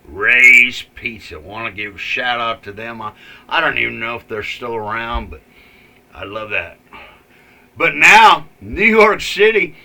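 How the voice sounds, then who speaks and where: A man's voice: mid-range voice, expressive, unhurried, vocal fry, sharp tone. A man ranting angrily in a rambling, profane vlog with many fillers. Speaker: vlogger. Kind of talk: ranting political commentary.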